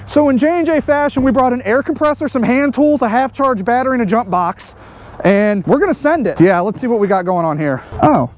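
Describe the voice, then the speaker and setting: Man, high voice, swooping and animated, joking vlog host, outdoors. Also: a little fast, a little hiss or hum. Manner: excitable, joking, wisecracking. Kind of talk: casual vlog narration.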